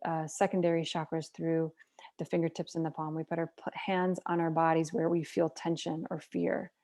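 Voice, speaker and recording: Earnest woman healer talking straight, low steady voice, swears a lot. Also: normal speed. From United States. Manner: earnest, blunt, swears freely. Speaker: holistic health practitioner. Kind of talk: casual advice-giving conversation.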